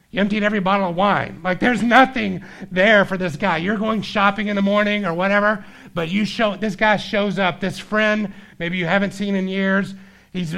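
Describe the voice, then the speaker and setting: A male pastor preaching a sermon, telling a story and acting out its characters, then dropping low and quiet to press his point. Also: vocal fry. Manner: storytelling, acts out voices, drops low and quiet for emphasis.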